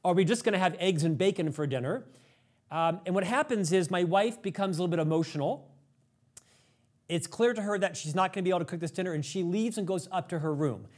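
Male host, slightly high voice, candid self-deprecating storyteller. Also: fast. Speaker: podcast host. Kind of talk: conversational interview storytelling.

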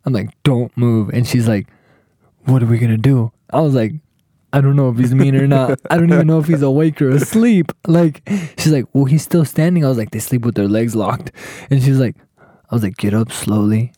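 A man's voice: mid-range voice, brisk, no room sound, studio quality. A young man casually telling a profane story to friends, acting out what everyone said. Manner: profane, animated, acts out quotes.

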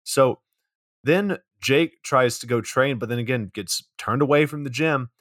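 A man's voice: mid-range voice, measured pace, a bit bright, no room sound, studio quality. A man co-hosting a podcast, walking through a movie's plot in a matter-of-fact way with casual swearing. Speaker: podcast co-host.

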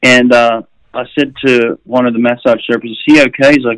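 A man's voice: medium pitch, level tone, fairly quick, no room sound, low-quality recording. A middle-aged Australian man, a swimming coach, telling stories casually with many fillers and chuckles. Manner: rambling, with frequent fillers and chuckles. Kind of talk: casual storytelling.

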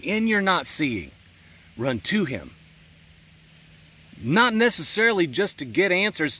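A man with a fairly high, bright voice gives an earnest, unscripted devotional talk out in a pasture, often calling the listener "friend." His tone is pastoral, and crickets and insects can be heard around him. He's a Christian podcast host.

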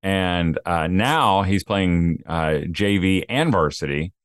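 A man's voice: sits low, takes it slowly, smooth, no room sound, clean studio sound. A middle-aged man co-hosting a casual podcast, telling rambling stories and acting out the people he quotes. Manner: rambling storyteller, acts out quotes. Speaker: podcast co-host. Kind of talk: casual chat.

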